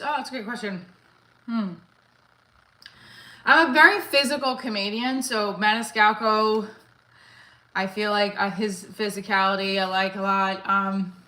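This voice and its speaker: A woman's voice: medium pitch, bright, forceful tone, reverberant, poor audio. A woman comedian live-streaming while working out, out of breath and chatting casually with viewers as she reads their comments. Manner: chatty, answers viewers' comments, counts reps aloud.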